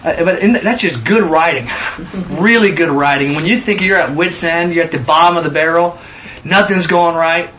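A man leading a casual Bible study, teaching in an animated way and acting out scenes in voices. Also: a little high, normal speed, slight background noise, rough recording.

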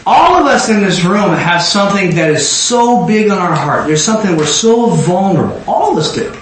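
A young man preaching an informal storytelling sermon, animated and acting out voices with sudden shouts. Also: sits high, moderate pace. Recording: very echoey room, faint noise.

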